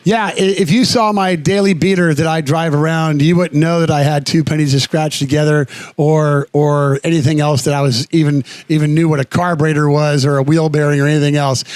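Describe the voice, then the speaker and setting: A man's voice: a little high, steady tone, a little fast, hardly any pauses, darkish tone, clear, resonant tone, no echo. A man co-hosting a radio show in casual chat, earnest and rambling, with frequent restarts and the odd blunt swear word. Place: Florida radio studio.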